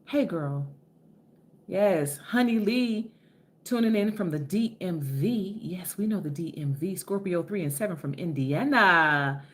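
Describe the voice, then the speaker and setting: A woman's voice: lowish voice, lively intonation, unhurried. A woman from Philadelphia hosting a casual live stream. She talks in a chatty, effusive way, greets her viewers by name and swears freely. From Philadelphia, USA. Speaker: livestream host.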